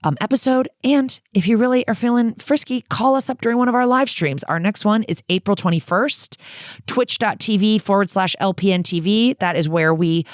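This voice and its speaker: A woman's voice: medium pitch, normal speed, no room sound, studio quality. A mother co-hosting a podcast, frank and wry in casual chat. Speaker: podcast co-host.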